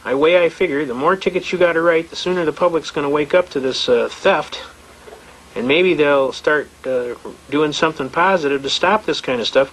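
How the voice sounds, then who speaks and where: A man's voice: a little high, a little hiss or hum, poor audio. A man giving a folksy, blunt lecture on representing yourself in court, full of anecdotes and restarts. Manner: blunt, storytelling, frequent restarts and repetitions. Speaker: seminar speaker on self-representation in court.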